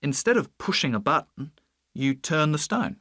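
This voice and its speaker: Earnest design student. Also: male voice, a little high, very animated, normal speed, fairly bright tone, no room sound, clean studio sound. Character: young male design student. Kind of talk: scripted exam listening recording.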